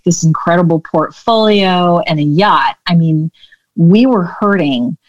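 A woman business coach telling a story in a podcast interview, animated and acting out the dialogue. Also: on the low side, no echo, highs cut off.

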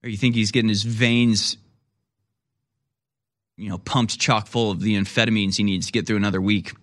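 A man's voice: on the low side, fairly even intonation, moderate pace, a bit bright. Sarcastic, rambling male commentary host.

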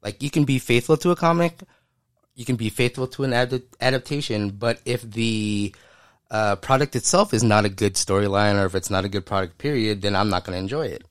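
A man's voice: lowish voice, a little fast, smooth, dry recording, studio quality. A man co-hosting a casual pop-culture podcast, talking enthusiastically, rambling and often laughing. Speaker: podcast co-host. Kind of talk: casual chat.

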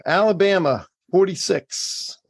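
A man's voice: sits high, measured pace, gravelly, husky, no echo. A man hosting a podcast, running a quiz and teasing his co-hosts before revealing answers. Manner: teasing, game-show style reveals. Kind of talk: casual banter.

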